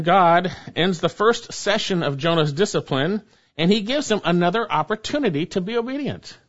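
A man's voice: high-pitched, highs cut off. A man preaching an expository sermon as pastor, emphatic and repeating key phrases for weight.

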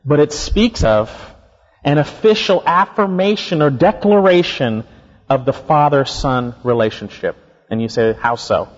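A man preaching an expository sermon, emphatic, repeating his key points and slowing down to stress words. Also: mid-range voice, a little mellow, breathy edge, long reverb tail, muffled recording. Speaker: pastor.

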